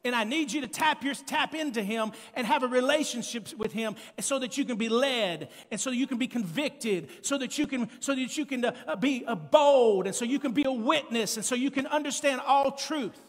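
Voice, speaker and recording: A male preacher delivering an emphatic sermon, calling out to the congregation and building up to shouted peaks. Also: extremely high pitch, normal speed, hardly any pauses. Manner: calls to the congregation. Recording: long church-hall reverb.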